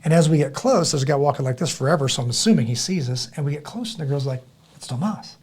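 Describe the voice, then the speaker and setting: A middle-aged man tells a story as a podcast guest. His voice is husky and sits a little high, and he keeps circling back on his words. He brings the tale to life by acting out the voices of the people in it. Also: rapid-fire. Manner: animated, acts out other people's voices; frequent restarts and repeated words. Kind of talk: conversational storytelling.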